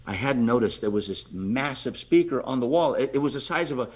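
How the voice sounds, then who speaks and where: A man, a podcast guest, telling a lively story and acting out the voices of the people in it, often restarting and repeating words. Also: medium pitch, brisk, slightly rough. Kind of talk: animated storytelling.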